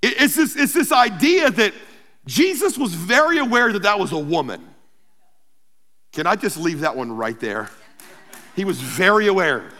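A pastor preaching a sermon, telling the story in a humorous, lively way with playful asides. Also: male voice, high-pitched. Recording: long hall reverb.

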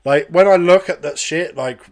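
Young man, london accent, podcast host, rambling and sweary, slightly raised pitch. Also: normal speed. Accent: London English. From London, England. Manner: swears freely, rambling storyteller, laughs often. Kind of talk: casual podcast banter.

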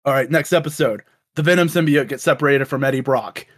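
A man's voice: medium pitch, fast. A man co-hosting a casual chat, animatedly retelling a cartoon with lots of swearing. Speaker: podcast co-host.

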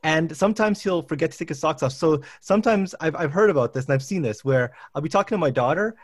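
A man in his thirties, a professor hosting a casual chat, telling animated, rambling anecdotes full of restarts. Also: fairly high pitch, fast talker, no echo, studio quality. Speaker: professor and host.

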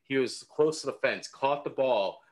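A man's voice: medium pitch, moderate pace. A man co-hosting a podcast, chiming in with his own side story and closing the show in casual chat. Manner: chimes in with side stories, signs off the show. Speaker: podcast co-host.

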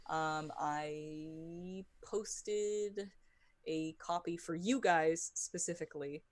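A woman narrating as game master, with many pauses and fillers. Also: deep voice. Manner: halting, many fillers and restarts.

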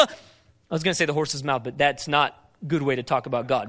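A pastor with a mid-range voice preaches briskly, firing off emphatic, repeated questions. He shifts between loud, urgent passages and quieter, reflective stretches.

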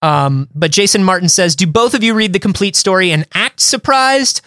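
A man's voice: high-pitched, expressive, moderate pace, fairly bright tone, no room sound, clean studio sound. A man co-hosting a comedy podcast in casual chat, talking in loose, rambling sentences full of fillers. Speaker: podcast co-host.

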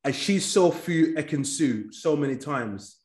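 A man's voice: on the high side, expressive, unhurried, darkish tone. A young man in casual podcast chat, chiming in and agreeing with slangy asides.

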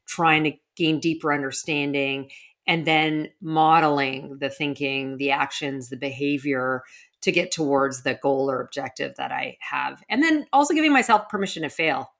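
A woman's voice: low-pitched, fairly bright tone. A middle-aged woman, a podcast guest, speaking earnestly and reflectively about her life in an interview, with frequent restarts. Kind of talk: interview conversation.

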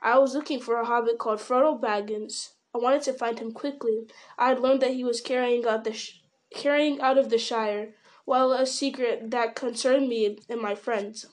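A woman voicing a grim, watchful male ranger in an audiobook, speaking in a measured, sometimes sharp way. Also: fairly high pitch, steady tone, natural voice. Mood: earnest. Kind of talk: audiobook character reading.

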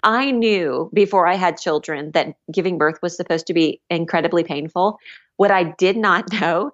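Author lady on a podcast, lowish voice, kinda muffled lo-fi sound, animated storyteller. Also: normal speed. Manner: animated storyteller, laughs while talking. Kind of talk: casual chat.

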